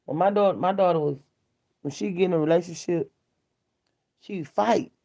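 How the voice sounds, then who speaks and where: Gravelly middle-aged woman, blunt storyteller. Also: on the low side, normal speed, warm tone. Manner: candid, blunt storytelling in colloquial speech. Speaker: vlogger. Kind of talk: casual chat. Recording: dull lo-fi sound.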